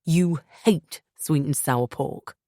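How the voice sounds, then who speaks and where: A woman's voice: sits low, takes it slowly, mellow, dry recording, studio quality. A woman voicing an angry, controlling young husband who accuses and raises his voice. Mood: accusing.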